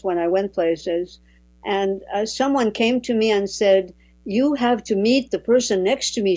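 A woman from Quebec whose first language is French, chatting thoughtfully in conversation, often pausing and restarting her sentences. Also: mid-range voice, darkish tone, rough recording. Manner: thoughtful, with frequent restarts and hesitations. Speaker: guest. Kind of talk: casual conversation.

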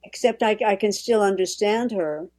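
A woman's voice: mid-range voice, normal speed, a little mellow. A woman from Quebec with a French-Canadian accent, talking casually and reflectively about language and often repeating words as she starts a sentence. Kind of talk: casual conversation.

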